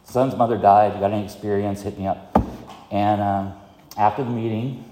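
A man's voice: lowish voice, fairly even intonation, moderate pace, warm tone, a little hiss or hum. Middle-aged man sharing in an echoey hall. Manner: candid, self-mocking, chuckles often. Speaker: speaker sharing at a recovery meeting. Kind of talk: personal testimony at a meeting.

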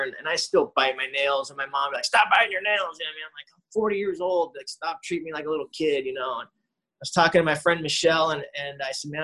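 A man's voice: on the high side, pushed and bright, low-quality recording. Rambling man telling a personal story. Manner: rambling, conversational, frequent restarts and "you know". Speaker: recovery meeting speaker.

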